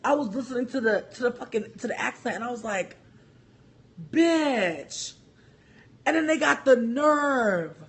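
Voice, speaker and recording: High-voiced husky man ranting. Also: fairly quick, few pauses, fairly bright tone. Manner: profane, rambling, heavy use of "like". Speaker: vlogger. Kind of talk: casual livestream rant. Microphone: phone livestream.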